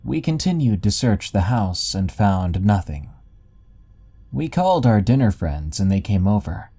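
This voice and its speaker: Male horror storyteller, dark mellow tone, steady dramatic delivery. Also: on the low side, a little slow. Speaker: narrator. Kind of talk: scripted horror story narration.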